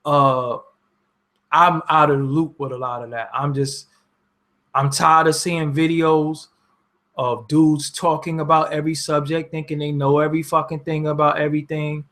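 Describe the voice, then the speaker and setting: A man talking straight to his audience in a casual, blunt, profane way, his voice climbing into loud exasperation when he vents. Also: fairly high pitch, little pitch movement, normal speed. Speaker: host answering his audience. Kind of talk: casual direct-to-camera talk.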